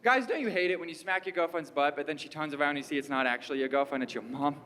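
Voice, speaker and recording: High-voiced comedian in a theater hall. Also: male voice, rapid-fire, a crowd in the background. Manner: animated, laughs at own jokes. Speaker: stand-up comedian. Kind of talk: stand-up comedy. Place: historic theater stage with live audience.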